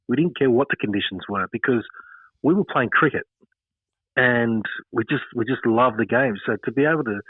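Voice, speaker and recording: An Australian man in his fifties, a former cricketer recounting stories at a relaxed, rambling pace. His pitch sits in the middle range. The sound is thin and phone-like, with a dry, roomless quality. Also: slightly rough, dry recording. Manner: rambling, many fillers, chuckles while telling stories. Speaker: former cricketer, podcast guest. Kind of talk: casual interview storytelling.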